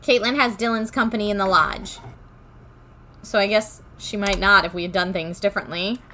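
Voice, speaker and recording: Bright, chatty woman gamer. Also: medium pitch, fairly even intonation, moderate pace, slight background noise. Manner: reactive, chatty, talks to the game. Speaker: gaming streamer. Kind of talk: casual game commentary.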